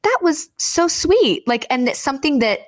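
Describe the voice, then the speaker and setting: A woman hosting an interview podcast, chatting effusively and acting out remembered quotes in lively voices. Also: high-pitched, normal speed. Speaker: podcast host. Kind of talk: conversational interview.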